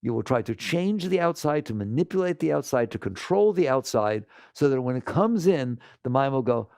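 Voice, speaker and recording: Gravelly animated man giving a spiritual talk. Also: medium pitch, moderate pace, few pauses, no room sound, studio quality. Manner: animated, mimics inner voices in exaggerated quotes. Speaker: spiritual teacher. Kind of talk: spiritual talk to a live audience.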